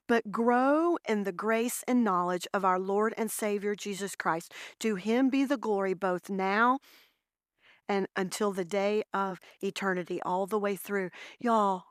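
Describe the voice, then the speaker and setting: A woman's voice: mid-range voice, no room sound. Woman, heartfelt testimony, storytelling, close dry mic, church talk. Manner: heartfelt, storytelling, addresses listeners as "y'all". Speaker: guest speaker. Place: church breakfast gathering.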